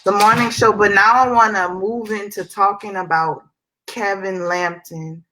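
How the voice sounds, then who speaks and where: A woman hosting an interview, admiring and unhurried as she introduces her guest. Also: mid-range voice, steady tone, pushed and bright, slight background noise, poor audio. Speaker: interview host. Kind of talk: casual interview.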